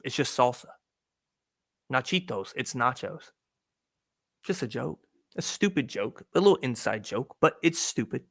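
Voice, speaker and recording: A man hosting a podcast, reviewing an album in casual talk, blunt and swearing freely, swinging between loud remarks and mumbled asides. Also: mid-range voice, animated, measured pace, creaky, long pauses. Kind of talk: casual profane commentary.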